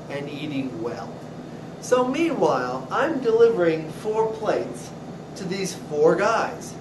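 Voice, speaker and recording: A man who owns a deli, telling funny stories about his customers in an animated way. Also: high-pitched, far from the mic. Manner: animated storyteller acting out customers. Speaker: deli owner. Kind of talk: storytelling. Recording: roomy echo with clear noise.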